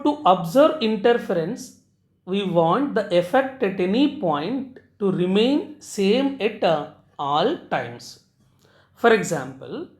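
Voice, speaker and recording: A man teaching physics, explaining step by step and pausing on "uh" before key terms. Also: high voice. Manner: halting, frequent "uh" before key terms, repeats phrases. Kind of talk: recorded physics lecture at a board. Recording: echoey room.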